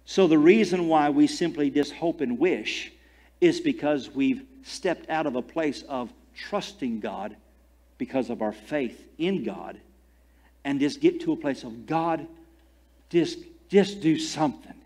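A pastor preaching a sermon in a storytelling way, rising to loud emphatic peaks and dropping to quiet asides. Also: male voice, mid-range voice, unhurried.

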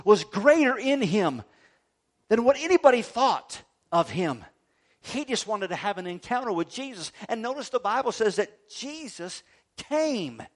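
A middle-aged male pastor preaching a sermon, swinging from quiet talk to loud shouted quotes. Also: sits high.

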